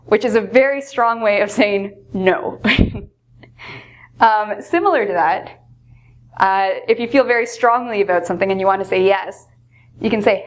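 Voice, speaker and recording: A woman teaching English, explaining expressions patiently and acting out example lines with lively emphasis. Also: a little high, normal speed. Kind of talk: explaining English phrases in a lesson.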